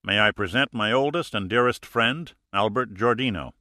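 A man voicing a calm, dry-witted male hero, speaking in a measured, softly firm way. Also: lowish voice, dry recording.

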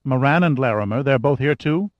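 A man's voice: mid-range voice, animated, a little fast, dry recording, highs cut off, close to an everyday voice. A man reading the part of a defiant, contemptuous woman held prisoner, lifting his voice a little. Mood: desperate.

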